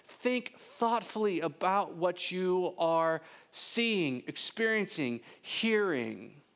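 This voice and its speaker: A man preaching a sermon, animated and acting out the voices of the people he talks about. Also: sits high, slow pace. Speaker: pastor.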